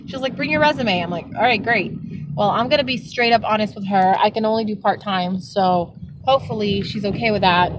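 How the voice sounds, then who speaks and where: A young woman chatting casually to her vlog audience, telling stories in an animated, exasperated way. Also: mid-range voice, noisy background. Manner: animated storytelling, exasperated retelling. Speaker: vlogger.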